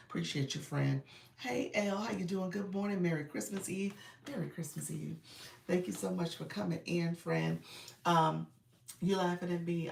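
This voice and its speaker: A woman business coach hosting a casual livestream. She is under the weather and a bit raspy, and she greets viewers by name in an upbeat, encouraging way. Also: low-pitched, a little mellow, roomy sound, far from the mic.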